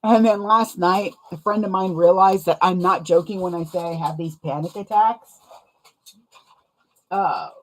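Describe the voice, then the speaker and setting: Woman, young adult, casual sewing chat, rambling, self-deprecating, lowish pitch. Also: a little slow. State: sore foot, wincing. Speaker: sewing vlogger.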